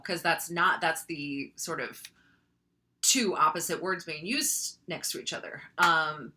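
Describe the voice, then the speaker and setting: Casting: young woman writing teacher, lowish pitch, bright forceful tone, chatty with lots of fillers. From North Dakota. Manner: chatty, frequent ums and likes, mock voices for examples. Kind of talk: casual classroom lecture.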